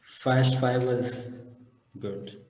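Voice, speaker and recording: A man's voice: mid-range voice, fairly even intonation, very slow. A man co-hosting a podcast, chatting in a laid-back way and laughing along. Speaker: podcast co-host. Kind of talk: casual chat. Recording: echoey room with faint noise.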